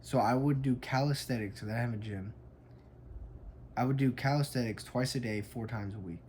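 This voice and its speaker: A man's voice: medium pitch, a little fast, darkish tone, a little hiss or hum. A young adult man, a fitness coach, tells a story in a casual vlog, emphatic and frank, with lots of "like".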